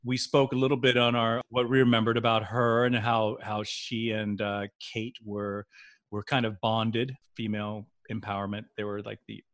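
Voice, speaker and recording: A man co-hosting a podcast in casual chat, animated and laughing often. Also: on the low side, moderate pace. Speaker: podcast co-host.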